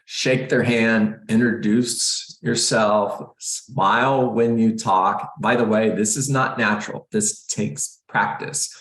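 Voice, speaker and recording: A middle-aged man coaching real estate agents in a live training, energetic and joking as he acts out scripts. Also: lowish voice, slow, hardly any pauses, roomy sound, rough recording.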